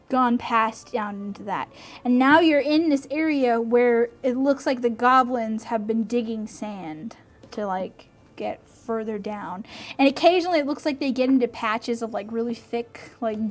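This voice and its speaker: A woman narrating as dungeon master, animated and giggly, often breaking into shrieking little voices. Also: a little high. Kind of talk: narrating a tabletop game.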